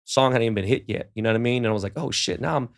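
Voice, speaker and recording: A man's voice: mid-range voice, steady tone, rapid-fire, creaky. A middle-aged man, a podcast guest telling laid-back, profane stories and acting out the dialogue in them. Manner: profane, laid-back storyteller who acts out quoted dialogue. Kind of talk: casual storytelling in a podcast interview.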